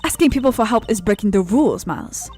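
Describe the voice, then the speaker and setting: A woman's voice: mid-range voice, expressive, fast, a little mellow, breathy edge, faint music behind. A woman voicing a haughty, competitive young female prosecutor with a German accent, reading video game dialogue aloud in an imperious, scornful manner. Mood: condescending.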